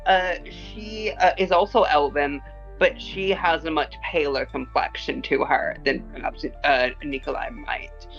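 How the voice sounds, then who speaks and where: A woman's voice: sits low, unhurried, gravelly, dull audio, soft background music. A woman playing a tabletop game, describing her character hesitantly with many fillers. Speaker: player.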